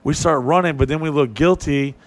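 A man casually telling a story, animated and profane, acting out what people said in a raised voice. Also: on the high side, brisk.

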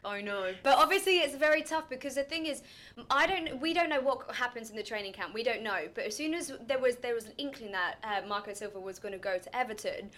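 A woman's voice: fairly high pitch, expressive, quick pace, a bit bright. A woman hosting a casual football chat, giving her opinions in a chatty, hedging way.

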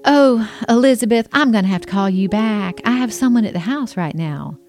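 A woman's voice: medium pitch, animated, moderate pace, darkish tone, faint music behind, pitched above the performer's own voice, lightly acted. A woman voicing her genteel elderly Southern mother, sweet-mannered and evasive, with a Southern accent. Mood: gracious.

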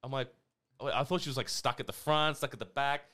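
A man's voice: medium pitch, brisk, bright, forceful tone. A man co-hosting a podcast, telling a rambling story through bursts of laughter in casual chat.

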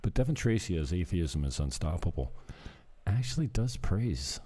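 A man's voice: sits low, sing-song, normal speed, dark tone, husky. A man casually commenting on videos he is watching, rambling into ranty asides with some self-deprecation. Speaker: co-host reacting to videos.

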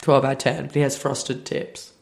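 A young woman, co-hosting a casual chat podcast, blunt and quick to laugh. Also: very deep voice, flat delivery, vocal fry. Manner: blunt, giggly, joking. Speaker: podcast co-host.

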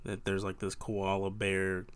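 A man's voice: low voice, completely flat delivery, measured pace, clean tone. A man co-hosting a podcast in casual chat, joking and teasing his cousin. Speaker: podcast co-host.

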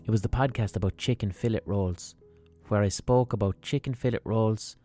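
A man's voice: on the low side, moderate pace, mellow, soft background music. A man with a Limerick accent hosting a podcast with a rambling, sweary comic monologue. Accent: Limerick, Irish. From Ireland. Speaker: podcast host.

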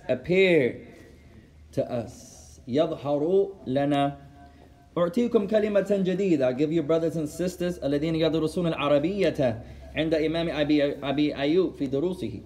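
A man's voice: fairly high pitch, warm tone. A male teacher giving a classroom lesson, switching between Arabic and English and repeating words for the class. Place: classroom with students.

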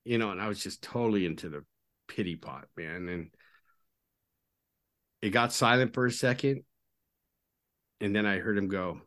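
A man with a low-set voice talks openly as a podcast guest. His delivery is earnest and confiding, often dropping to a quiet murmur. He sounds middle-aged and tells his story plainly. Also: normal speed, pauses often. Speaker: podcast guest, recovery coach. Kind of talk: candid storytelling interview.

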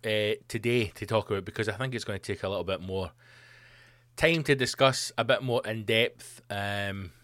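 A man's voice: on the low side, normal speed, a bit bright, no room sound, studio quality. A Scottish man hosting a comedy podcast, rambling through sweary, jokey asides. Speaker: podcast host.

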